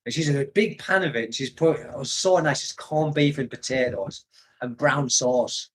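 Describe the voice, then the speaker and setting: A man's voice: medium pitch, moderate pace. An older British man living abroad, chatting casually on a livestream, rambling nostalgically and laughing often. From United Kingdom. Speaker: expat vlogger reading live chat. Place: home in the Philippines.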